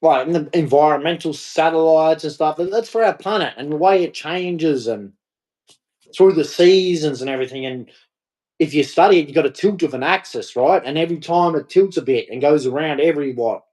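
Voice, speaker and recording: A man's voice: on the high side, brisk, a little mellow. A man ranting to camera in a scornful, mocking, rambling way. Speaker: vlogger. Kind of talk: casual rant to camera.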